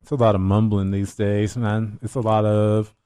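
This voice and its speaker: A man's voice: lowish voice, little pitch movement, normal speed, dark tone, clear, resonant tone. A man co-hosting a podcast in casual chat, easygoing and agreeable. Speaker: podcast co-host.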